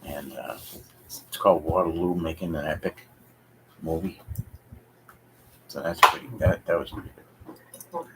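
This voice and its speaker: A man's voice: a bass voice, fairly even intonation, measured pace, pauses often, heavy background noise. A man chatting casually on a live stream, rambling and hesitant, thinking aloud with many fillers as he talks to viewers. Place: home basement.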